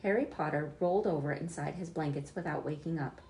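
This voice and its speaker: A woman reading a children's book aloud, expressive, with small slips she corrects. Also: deep voice, fairly quick, roomy sound. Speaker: storyteller.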